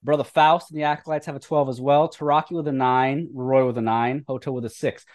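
Man in the game master's seat, mid pitch, easygoing, dry close mic. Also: a little fast, no room sound. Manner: relaxed, casual, loose with fillers. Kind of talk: narrating a tabletop game.

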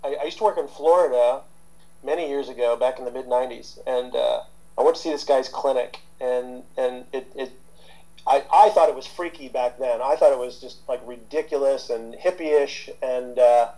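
A man's voice: medium pitch, moderate pace, warm tone, poor audio. A man in his fifties, a therapist being interviewed, talking casually with lots of fillers and restarts. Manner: rambling, with many fillers and restarts. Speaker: guest therapist.

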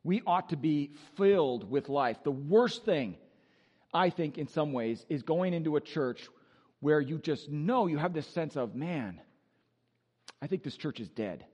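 A male pastor preaching an animated, joking sermon with exuberant energy. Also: on the high side, measured pace, in a large hall, dull audio.

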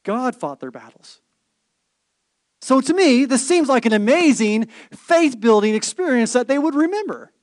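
A man's voice: extremely high pitch, very animated, normal speed, darkish tone, no room sound, clean studio sound. A pastor in his thirties preaching a sermon, telling stories with rhetorical questions and playful asides.

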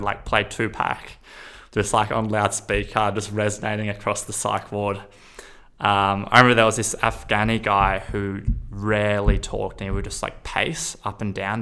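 A man's voice: lowish voice, sharp tone, clear, resonant tone. A young man casually recounting a personal experience in a candid, rambling way, with many fillers and some swearing.

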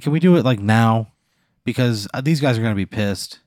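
A man's voice: medium pitch, animated, fairly quick, a little mellow, dry recording. Male improv player, cursing, exasperated, dry mic. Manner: profane and exasperated. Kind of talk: improvised comedic role-play.

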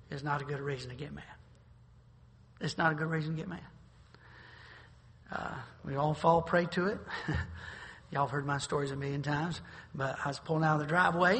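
Middle-aged man, pastor, high bright voice, folksy sermon delivery, echoing hall. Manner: folksy storytelling, with bursts of forceful preaching. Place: church sanctuary. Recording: long hall reverb.

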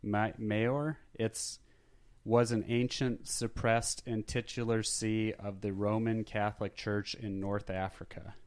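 A man's voice: fairly low pitch, flat delivery, slow. A man co-hosting a casual podcast, talking in a rambling, jokey, self-deprecating way. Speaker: podcast co-host. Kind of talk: casual chat.

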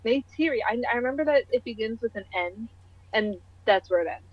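A young woman co-hosts a podcast in a casual chat, rambling, restarting her sentences, and poking fun at herself. Her voice is on the high side with lively intonation and a brisk pace, captured in a dull, dry, lo-fi recording.

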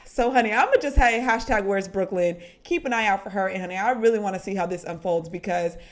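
A woman co-hosting a casual podcast, talking through a reality-TV episode. She is animated and chatty, and she keeps calling her listener honey. She weighs both sides as she talks. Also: mid-range voice, fast. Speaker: podcast co-host. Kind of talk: casual reality-TV recap chat.

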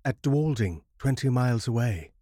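A man's voice: medium pitch, moderate pace, darkish tone, no echo, clean studio sound, voice pushed up, close to an everyday voice. A man voicing an anxious young husband and lost traveller in a horror story reading, eager and pleading.

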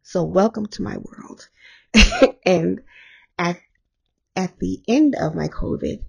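Hoarse woman podcast host, slow and raspy, candid and rambling. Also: lowish voice, expressive, darkish tone. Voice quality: gravelly. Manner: candid, rambling, laughs often. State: hoarse after illness. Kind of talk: candid solo podcast talk.

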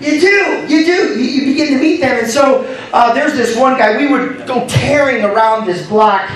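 A man with a very high-pitched voice, speaking at normal speed, preaches a sermon as a pastor, telling a story with laughs and calling out to the congregation in call-and-response. The distant mic picks up a roomy echo.

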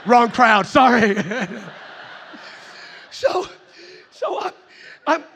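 Very high-voiced, animated male preacher. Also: very slow. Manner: animated, chuckling storyteller with sudden loud outbursts. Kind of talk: storytelling sermon.

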